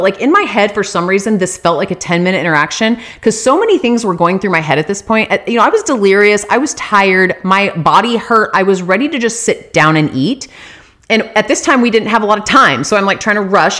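A woman telling a story on her vlog in a casual, animated and exasperated way, swearing freely. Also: mid-range voice.

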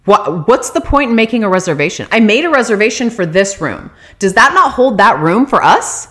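A woman telling a story on her vlog in a casual, animated and exasperated way, swearing freely. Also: medium pitch, brisk.

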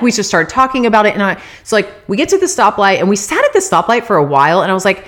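A young woman telling a long casual story, chatty and animated, full of "like" fillers and casual swearing, climbing high and loud when she rants. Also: very fast, few pauses.

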